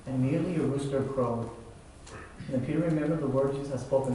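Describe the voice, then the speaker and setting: Preaching casually, a young man talks in a relaxed, chatty way full of "like" and "man." He speaks fast in a mid-range voice with a dark tone. The recording comes from a distance in a reverberant hall, with a little noise.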